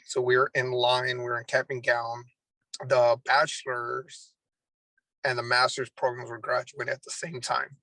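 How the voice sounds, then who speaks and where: A man's voice: mid-range voice, flat delivery, moderate pace, bright, forceful tone, no echo, low-quality recording. A man, a Marine drill instructor, earnestly telling a personal story in an interview, with many restarts.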